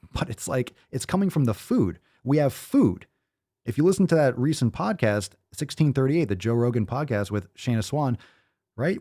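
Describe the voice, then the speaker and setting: A man's voice: fairly low pitch, darkish tone. Fired-up, foul-mouthed male podcast host. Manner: heated, swearing, mocking. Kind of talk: profane fired-up rant.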